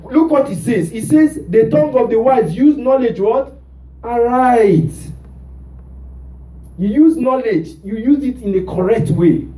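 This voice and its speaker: High-voiced preacher calling to his congregation. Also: mellow, distant mic. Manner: call-and-response preaching, rhetorical "what?" prompts. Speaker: pastor. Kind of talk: sermon. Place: church. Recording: roomy church sound from off mic.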